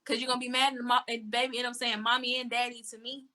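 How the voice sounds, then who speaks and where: A woman's voice: fairly high pitch, level tone, very fast, bright, forceful tone. A woman being interviewed, talking casually and bluntly, saying things straight out. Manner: blunt and outspoken. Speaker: interview guest.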